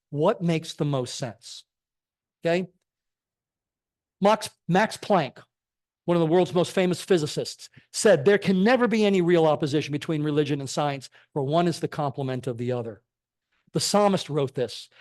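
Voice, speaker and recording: Middle-aged male church speaker, sermon lecture, slightly high voice, punchy and emphatic, keeps asking "okay?". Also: darkish tone. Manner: emphatic, rhetorical questions, frequent "okay?" checks. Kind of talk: sermon-style lecture on science and faith. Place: church sanctuary.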